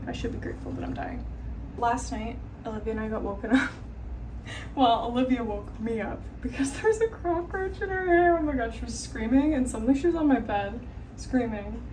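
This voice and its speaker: A woman's voice: fairly high pitch, animated, a little fast, a little hiss or hum, rough recording. A young woman chatting casually through a travel vlog outdoors, bubbly and self-mocking, tired from the heat. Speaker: vlogger. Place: outdoors on city streets. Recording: loud background music.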